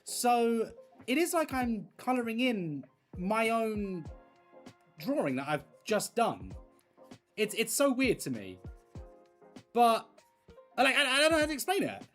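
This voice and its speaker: An excitable livestream host gushes to chat while colouring a page, the voice swinging up and down. Faint music plays quietly behind the talk. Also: mid-range voice, a little slow, pauses often. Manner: excitable and gushing, talking to chat.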